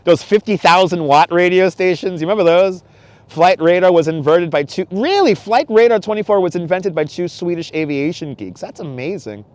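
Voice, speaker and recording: A livestream host, a chatty New man streaming outdoors, speaks with a high-sitting voice, lively intonation, a moderate pace and a darkish tone, with no echo. He laughs often and reads the chat aloud during this casual stream, recorded on a wireless clip-on mic atop a cold beach sand dune at night.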